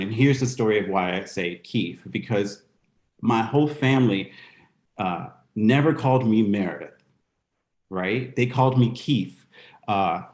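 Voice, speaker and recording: A man in his fifties from the United States, introducing himself on a video call in a soft, halting, storytelling way. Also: fairly low pitch. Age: 50s. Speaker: guest dancer. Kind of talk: casual video-call interview. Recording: roomy echo.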